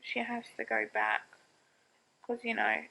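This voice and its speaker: Slow-talking young mum with a gravelly voice. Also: female voice, on the high side, monotone, sharp tone, a little hiss or hum, rough recording. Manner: chatty, talks to her baby in a sing-song voice. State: tearful. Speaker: vlogger and new mother. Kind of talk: casual vlog chat. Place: at home.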